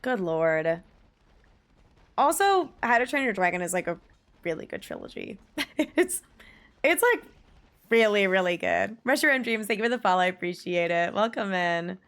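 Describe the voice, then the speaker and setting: A woman's voice: medium pitch, sing-song, moderate pace, long pauses, fairly bright tone. A woman streaming live, chatting casually with viewers and gushing emphatically, with the odd swear. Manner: gushing, emphatic, swears, reads chat aloud. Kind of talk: casual livestream chat.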